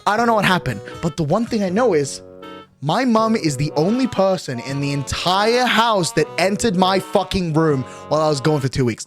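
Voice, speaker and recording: Lively nineteen-year-old streamer. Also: mid-range voice, moderate pace, faint music behind. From Australia. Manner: animated, exasperated ranting with heavy swearing. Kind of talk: casual livestream chat.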